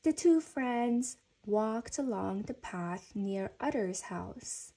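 A woman reading a children's storybook aloud in a gentle, even storytelling manner. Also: medium pitch, takes it slowly, poor audio. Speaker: reader.

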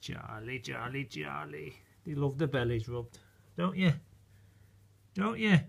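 A man films a relaxed vlog inside his home, speaking slowly in a medium-pitched voice that's creaky and slightly rough. He fondly baby-talks to his new puppies, frequently chuckling.

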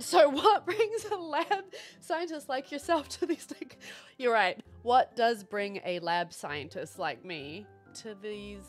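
Soft background music accompanies this young woman as she streams a game, taking it slowly in a fairly high-pitched voice. Animated and quick to laugh, she chats casually with her viewers throughout.

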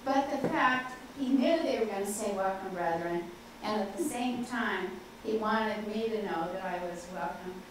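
A woman's voice: medium pitch, normal speed, few pauses. An older woman, a professor, telling anecdotes in a chatty lecture full of "okay" and "uh" fillers. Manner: chatty, frequent "okay" and "uh" fillers, laughs at herself. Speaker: professor giving a faculty talk. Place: large lecture hall with audience. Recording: very echoey hall, distant, faint hiss.

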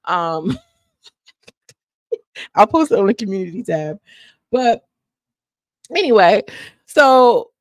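A woman giving a chatty, sassy recap of a reality show, acting out quotes in high voices. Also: animated, very slow, long pauses, no room sound, clean studio sound. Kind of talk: casual recap commentary.

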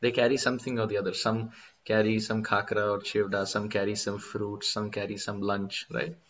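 A man's voice: lowish voice, little pitch movement, moderate pace, fairly bright tone. A man, a spiritual teacher giving a devotional lecture and chanting Sanskrit verses with feeling. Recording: slightly dull lo-fi recording.

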